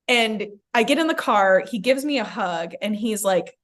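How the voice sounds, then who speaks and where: With a mid-range voice and a moderate pace broken by few pauses, a young adult podcast host recounts something from her own life in casual conversation. She delivers it animatedly, sprinkling in "like" and performing the lines other people said.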